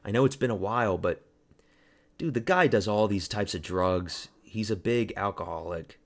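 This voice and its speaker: A man's voice: on the low side, moderate pace, gravelly. A man hosting a casual fight watch-party stream, rambling, swearing and answering chat. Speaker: livestream host.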